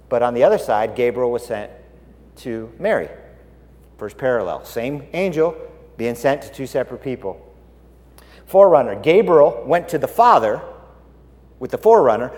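Guy preaching a sermon, voice all over the place, big reverby hall. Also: mid-range voice. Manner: animated, swings from loud to hushed.

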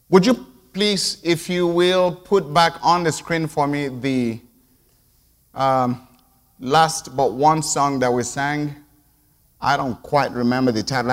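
A man preaching a sermon to his congregation, moving from quiet reflection to emphatic call-and-response. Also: medium pitch, long reverb tail. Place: church sanctuary.

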